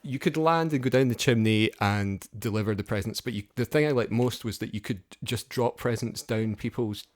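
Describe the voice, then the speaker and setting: A man's voice: lowish voice, moderate pace, few pauses. A man co-hosting a gaming podcast, chatting casually and telling rambling nostalgic stories with chuckles. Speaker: podcast co-host. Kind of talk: casual chat.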